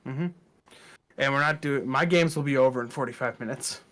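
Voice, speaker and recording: A man co-hosting a podcast, talking in a relaxed, chatty way about tabletop games. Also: mid-range voice, fairly quick. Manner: relaxed, chatty, with fillers and laughs. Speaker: podcast co-host. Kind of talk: casual chat.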